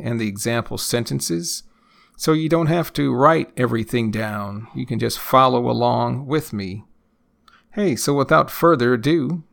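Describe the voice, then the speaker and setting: Slow gravelly man teaching English. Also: mid-range voice, a bit bright. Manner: slow, repeats phrases for learners. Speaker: English teacher and podcast host. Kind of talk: podcast lesson.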